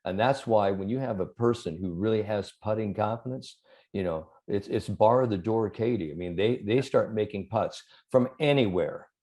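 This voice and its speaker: A man with a mellow, fairly low voice talks through a conversational interview as a sports psychologist guest. He tells lively stories and leans on plenty of "you know" fillers as he goes. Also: moderate pace. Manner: animated storyteller, many "you know" fillers.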